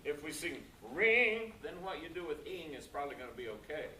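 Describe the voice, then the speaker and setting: A man's voice: fairly high pitch, fast talker, a little hiss or hum. A man leading a choir rehearsal, explaining diction and stresses, counting in and singing lines to demonstrate. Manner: animated, counts in and sings phrases to demonstrate. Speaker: choir director. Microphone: camera at a distance. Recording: echoey room, voice from far off, piano. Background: piano and choir singing.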